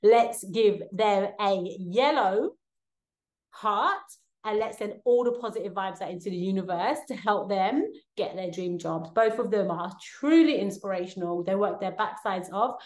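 A woman's voice: medium pitch, measured pace, darkish tone, echoey room. A woman hosting her own podcast, talking casually at home in a rambling way with many fillers. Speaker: podcast host. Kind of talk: casual solo vlog chat. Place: home, with a cat nearby.

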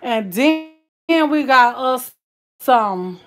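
A young woman chats animatedly about her home cooking. Her voice sits a little high, and she scatters exclamations throughout her casual talk. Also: extremely slow. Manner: animated, exclaims "child, honey" often. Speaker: cooking vlogger. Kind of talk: casual chat to viewers.

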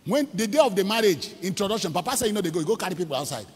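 With big pitch swings and a very fast delivery, a high, slightly rough male voice preaches in a large church hall, giving it a big-room sound. He's an evangelist with a Nigerian accent who tells a story, acts out its quotes, leads shouted prayers and mixes in pidgin.

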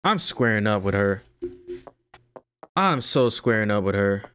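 A man casually commenting as he plays a game, talking to himself and reacting loudly. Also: on the low side, expressive, measured pace. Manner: talks to himself, hums melodies, jumpy reactions. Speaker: streamer playing a game. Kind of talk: casual let's-play commentary. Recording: game music playing behind.

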